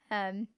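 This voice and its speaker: A young woman, a musician, chatting casually and warmly with her live stream viewers, laughing often and thanking them by name. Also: medium pitch, smooth.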